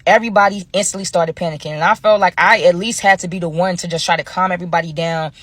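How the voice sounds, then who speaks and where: A woman's voice: on the low side, steady tone, fast, a bit bright, no echo. A woman vlogger telling a storytime to her viewers in a chatty, slangy way. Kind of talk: casual storytime narration.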